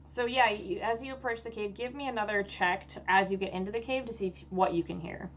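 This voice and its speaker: A woman running a tabletop game as game master, narrating casually with frequent pauses and fillers. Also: medium pitch, steady tone, slight background noise.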